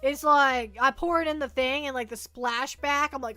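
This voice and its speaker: Here a livestream host, a woman, rambles casually through questions from her viewers, often saying things twice and joking about herself. Her voice sits high and sounds pushed and bright, at a moderate pace, with soft music in the background.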